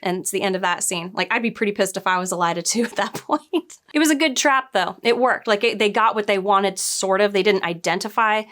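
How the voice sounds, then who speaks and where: A woman's voice: mid-range voice, brisk, hardly any pauses, a bit bright, slight background noise. A young adult woman casually reviewing a TV episode, retelling scenes in a chatty way with quoted lines and asides. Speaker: show reviewer.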